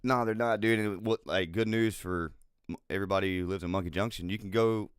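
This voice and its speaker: A man co-hosting a live podcast, telling stories in an animated way, swearing and laughing often. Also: low voice, a little fast, clean tone, no echo, clean studio sound. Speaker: podcast co-host. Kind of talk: casual live podcast chat. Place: live show recording.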